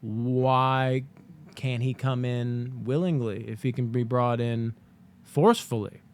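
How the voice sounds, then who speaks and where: A man in the middle of a casual podcast movie debate, excitable and swearing freely. His voice sits at an ordinary middle pitch. Now and then he bursts into acting out a villain's lines. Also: takes it slowly. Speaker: podcast co-host.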